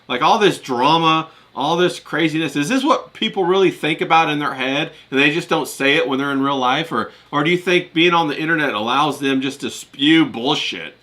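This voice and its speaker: Bright-voiced male host, meandering questions. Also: a little high, moderate pace, few pauses. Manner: meandering questions, fillers, laughs easily. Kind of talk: casual interview chat.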